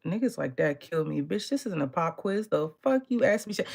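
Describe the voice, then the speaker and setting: A woman's voice: fairly low pitch, animated, brisk, gravelly, hardly any pauses, a little mellow. A woman tarot reader talking in a casual, blunt and profane way, laughing often. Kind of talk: casual live tarot reading.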